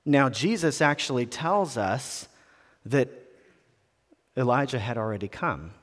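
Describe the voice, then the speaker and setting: A man delivers a sermon in a relaxed, conversational style that builds into animated emphasis. His voice sits at a medium pitch, and a long reverb trails each phrase as if he speaks in a large church hall. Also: a little slow. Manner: conversational, animated preaching with rising emphasis and restarts. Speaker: preacher.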